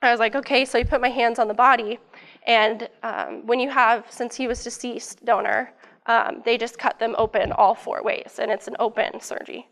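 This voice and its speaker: A woman's voice: a little high, fairly even intonation, moderate pace, gravelly, fairly bright tone. A young woman student giving a casual academic presentation, eager and full of fillers, her voice a little worn. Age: young adult. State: losing her voice.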